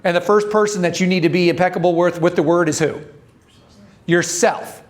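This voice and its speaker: High-voiced man giving a lively talk. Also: a little fast. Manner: storytelling, asks the audience questions, acts out voices. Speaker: speaker training dental or medical teams. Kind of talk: conference talk to an audience.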